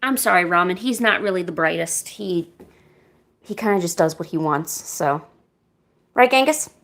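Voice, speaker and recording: A woman's voice: on the low side, lively intonation, moderate pace, creaky, a bit bright. A woman streamer chatting casually and coaxing her cats with playful, baby-talk asides. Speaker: art streamer.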